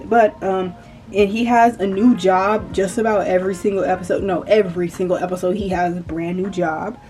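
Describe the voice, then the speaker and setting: A woman's voice: mid-range voice, fairly even intonation, moderate pace, dark tone, far from the mic. A woman with a slight country accent talking casually to camera as a YouTuber, chatty and rambling, often correcting herself. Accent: Southern US country. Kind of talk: casual commentary vlog. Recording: voice a bit off-mic with faint music.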